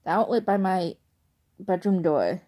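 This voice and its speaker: A woman's voice: on the low side, lively intonation, a little slow, dark tone. A young woman telling a rambling story casually at home in her bedroom at night, full of "like" and asides. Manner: rambling, chatty, lots of "like". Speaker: vlogger.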